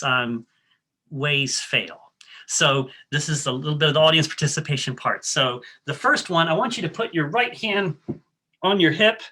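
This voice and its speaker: A man's voice: on the high side, pushed and bright. A man presenting a workshop, guiding the audience through breathing steps in a friendly, coaching way with frequent ums and restarts. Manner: coaching, leads the audience step by step. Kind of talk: guided breathing exercise and talk.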